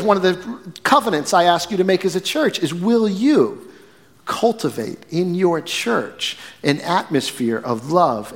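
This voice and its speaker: A male pastor from the northern United States preaching a sermon in a church, swinging from quiet, measured phrases to loud, emphatic ones. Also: fairly high pitch. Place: church sanctuary. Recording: long hall reverb.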